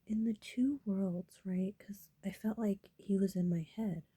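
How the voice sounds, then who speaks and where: A woman vlogger musing softly in half-whispers about personal matters. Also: medium pitch, steady tone, a little slow, breathy edge, no echo. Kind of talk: reflective personal talk.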